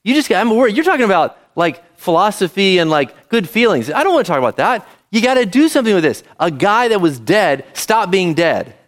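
A man's voice: high voice, very animated, fairly quick, few pauses. A male pastor giving a conversational sermon, often asking the congregation questions.

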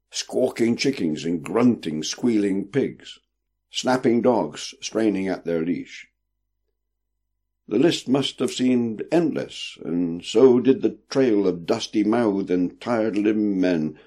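A man reading a story aloud in an expressive, vivid narrating style. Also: fairly low pitch, slightly rough.

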